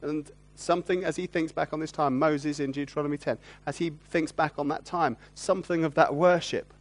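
A man's voice: a little high, fairly even intonation, fairly quick. Earnest man preaching a sermon. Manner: earnest, draws listeners in with tag questions.

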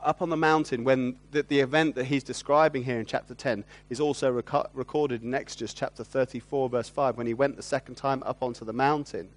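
A man preaching a sermon, earnest and gentle, often drawing his listeners in with tag questions. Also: medium pitch.

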